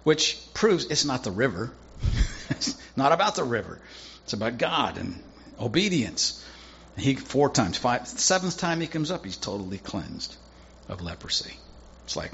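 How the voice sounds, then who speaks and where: A man's voice: fairly low pitch, expressive, moderate pace, fairly bright tone, lo-fi sound, a little hiss or hum. A male pastor preaching a sermon in a conversational, folksy storytelling way with casual asides.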